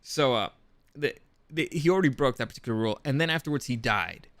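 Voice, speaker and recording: A man's voice: medium pitch, expressive, quick pace, a bit bright, dry recording. A man hosting a podcast, giving casual commentary in a rambling way, with lots of restarts and the odd curse. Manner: rambling with frequent restarts and profanity. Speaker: podcast host.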